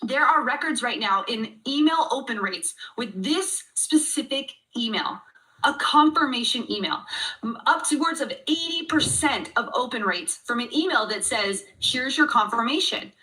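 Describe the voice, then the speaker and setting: Bright, animated woman coaching from a distance. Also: a little high, moderate pace. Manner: animated, acts out customer thoughts, addresses audience directly. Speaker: online business coach. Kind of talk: livestream teaching talk.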